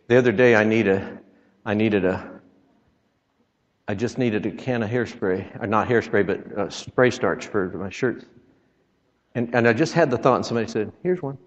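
Male traveling preacher, folksy and joking, deep-ish voice, muffled recording. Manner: folksy, joking asides, quotes scripture. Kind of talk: sermon. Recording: reverberant, dull lo-fi sound.

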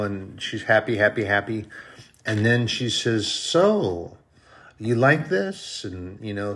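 A man's voice: on the low side, a bit bright. A man preaching in a folksy, rambling storytelling style, now and then acting out short quoted voices. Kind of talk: storytelling sermon.

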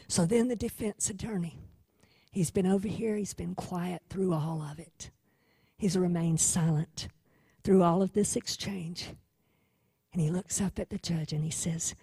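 Slow, dramatic woman preacher. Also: mid-range voice, fairly bright tone, breathy edge, dry recording. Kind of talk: sermon storytelling.

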